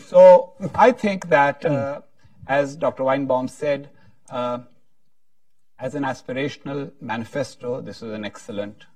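Man moderating a panel, halting delivery, heard from a distance, dry sound. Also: mid-range voice, no room sound. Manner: halting, many restarts, tells a joke with voices.

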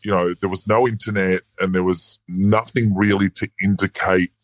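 Low-voiced Australian man in his forties. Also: little pitch movement, no room sound. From Sydney, Australia. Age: 40s. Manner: hesitant, halting, with repeated starts. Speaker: podcast guest. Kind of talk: casual interview chat.

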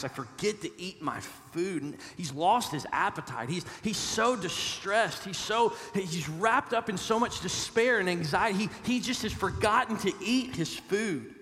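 A man preaching a sermon, earnest and pleading, often repeating words and swinging from loud appeals to hushed lines. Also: a little high. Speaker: pastor. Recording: long hall reverb.

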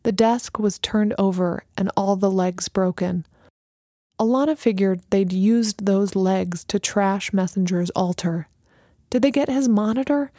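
A woman narrates an audiobook story in a measured, even manner. Her voice is medium-pitched, and the sound is dry and studio-clean.

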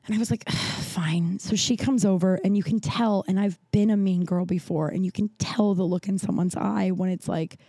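A woman's voice: steady tone, moderate pace, hardly any pauses, warm tone, dry recording. A woman hosting a podcast, telling a story in a casual, candid way, swearing freely and acting out what others said. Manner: candid, swears freely, acts out quoted dialogue with big pitch jumps. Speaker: podcast host.

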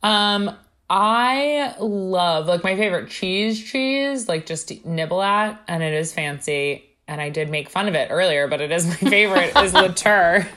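A woman with a Long Island accent talking in a relaxed, blunt way. Her voice sits a little low, and she swears and laughs easily in casual conversation. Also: unhurried. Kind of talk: casual chat.

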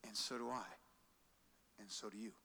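Preacher with a bright voice in a reverberant hall. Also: male voice, on the low side, moderate pace, vocal fry, breathy edge. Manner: animated, acts out quoted lines, drops to quiet emphasis. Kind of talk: sermon. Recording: long reverb of a large hall.

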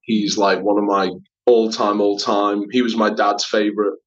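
This casual interview features a chatty guest, a Liverpool actor and writer, who acts out quoted voices and uses many fillers while telling stories. He has a lowish voice with a flat delivery at a moderate pace. The sound is slightly dull and lo-fi.

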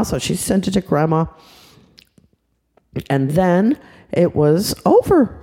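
An older woman, a grandmother, narrating a children's story in an animated, chatty way, full of asides. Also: lowish voice, a little slow, long pauses, slightly rough.

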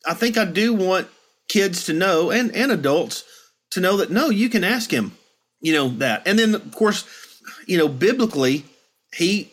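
A man's voice: high voice, lively intonation, normal speed. A middle-aged man in casual chat, reflectively telling stories and acting out quotes. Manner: reflective, storytelling with acted-out quotes. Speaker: podcast host.

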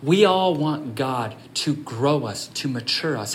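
A pastor preaching a sermon, telling a story in a conversational way and building to emphatic appeals. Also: male voice, medium pitch, expressive, takes it slowly, hardly any pauses.

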